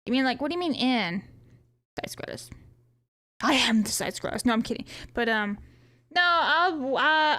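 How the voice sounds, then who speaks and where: A woman's voice: sits high, a bit bright. A woman streamer chatting casually on a live stream, reading viewers' chat aloud and answering in a joking, profane way.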